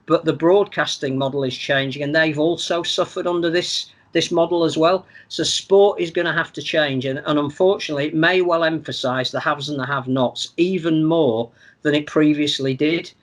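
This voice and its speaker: A man giving measured, analytical opinions on a sports podcast, often repeating words as he thinks. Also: a little high, fairly even intonation. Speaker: podcast pundit. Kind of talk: casual sports podcast chat.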